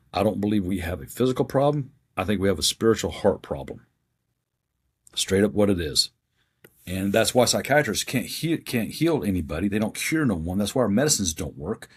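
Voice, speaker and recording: Husky, emphatic man telling a story. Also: fairly low pitch. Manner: emphatic, blunt convictions, acts out quoted voices. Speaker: guest working in a psychiatric hospital. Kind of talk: conversational storytelling.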